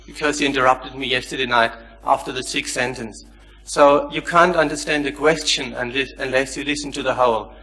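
A man's voice: medium pitch, fairly even intonation, a little fast, pushed and bright, rough recording. A man in the audience putting a long question, polite but persistent, reading scripture aloud. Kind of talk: formal question from the floor.

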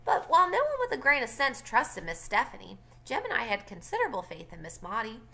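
A woman teacher reads a novel aloud to her class and stops now and then to explain. Her voice is bright and her intonation lively. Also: on the high side, fairly quick. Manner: plain reading with brief explanatory asides.

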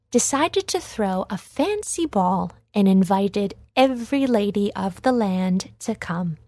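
A woman reading a children's read-along storybook aloud in a slow, clear, deliberate way. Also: medium pitch, a little mellow, no echo, studio quality. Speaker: storybook reader.

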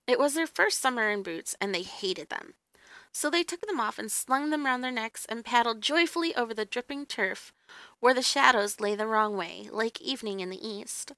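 Bright gravelly-voiced woman reading a story. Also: a little high, normal speed, dry recording. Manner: storytelling, gently expressive. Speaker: reader. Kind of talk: audiobook narration.

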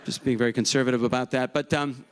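A man speaking on stage before a live audience in a loose, joking conference talk. He rambles and pokes fun at himself in a mid-range voice, slipping in quick voice demos as he goes. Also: medium pitch, steady tone, slight background noise. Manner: rambling, self-deprecating, slips in quick voice demos.

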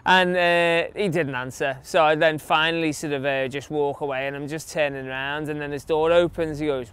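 A man's voice: on the high side, steady tone, brisk, few pauses, fairly bright tone, a little hiss or hum. A young adult man from England with an English accent, casually telling stories from his run in an interview, chatty and full of fillers. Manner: chatty, anecdotal, many fillers. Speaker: interviewee, long-distance runner.

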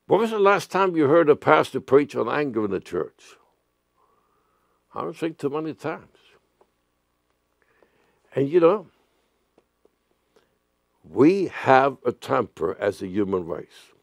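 A man preaching a sermon as a pastor, speaking earnestly and deliberately with repeated phrases and sudden loud outbursts. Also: medium pitch, big pitch swings, vocal fry, no echo, studio quality.

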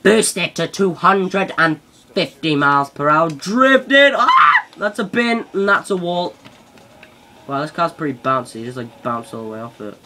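An excitable young man commentates a racing game, his bright, sharp voice swinging widely up and down. He draws his words out slowly between sudden yelps and shouts at the screen. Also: fairly high pitch, slight background noise. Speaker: gaming channel host. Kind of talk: let's-play commentary.

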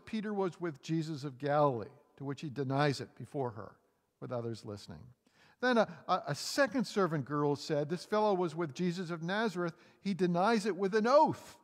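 A man with a New England accent preaching a sermon, lively, stepping into quoted voices and scripture reading. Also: a little high. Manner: animated preaching, acts out quotes in character voices. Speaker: pastor. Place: church sanctuary. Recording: long hall reverb.

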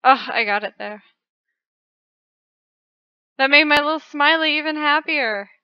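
A woman hosting her own channel, giving casual game commentary in an excitable way, often breaking into gasping exclamations. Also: high-pitched, measured pace, no echo. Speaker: channel host. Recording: dull lo-fi dry recording.

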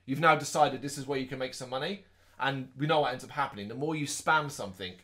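A man co-hosting a podcast, chatting casually and recapping a movie in an animated way, with quick asides in put-on voices. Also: medium pitch. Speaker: podcast co-host. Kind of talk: casual movie review chat.

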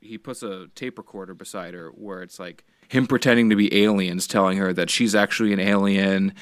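Low-voiced rambling male podcaster. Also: steady tone, fairly quick, clean tone, no room sound. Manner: rambling storyteller, swears freely, acts out quotes. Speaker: podcast co-host. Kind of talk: casual chat.

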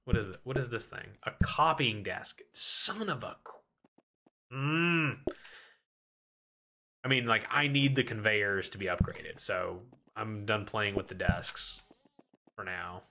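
A man's voice: lowish voice, fairly even intonation, a little slow, pushed and bright, a little hiss or hum. A man streaming a cooking game solo, giving playful running commentary to his chat and talking himself through the chaos. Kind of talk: live gameplay commentary to chat.

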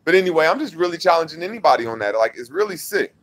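A young man ranting at a rival vlogger in a heated, mocking way, repeating his challenge and swinging from loud outbursts to low mutters. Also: big pitch swings, very fast. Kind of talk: confrontational rant to camera.

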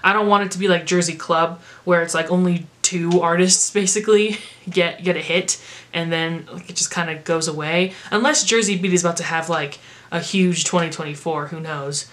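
A woman's voice: fairly low pitch, steady tone, moderate pace, a bit bright. An American woman talking casually on a vlog, rambling through her opinions as a music reviewer with lots of filler words. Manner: rambling, filler-heavy chatter.

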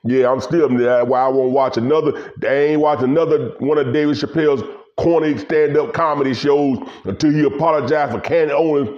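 A man's voice: a little high, brisk, highs cut off. An older man from Louisiana, rambling in casual, folksy commentary to his viewers and breaking into laughter. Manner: folksy, laughing, animated storytelling. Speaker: vlogger.

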